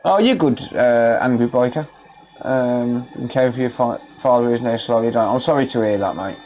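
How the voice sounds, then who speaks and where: A chatty English man at a mid pitch for his sex, talking through repair work in a loose livestream chat. He rambles between tasks and answers viewers by name, with an easy, everyday delivery. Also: normal speed, darkish tone, a little hiss or hum. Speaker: electronics repair technician. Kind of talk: casual livestream chat while working.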